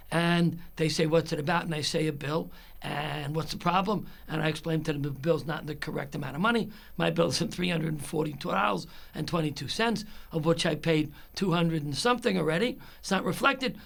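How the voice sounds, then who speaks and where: A man's voice: fairly high pitch, fairly quick, gravelly, a bit bright. A man telling an angry story about a customer service call, acting out both sides and getting more aggravated. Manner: building irritation, acts out both sides of a phone call.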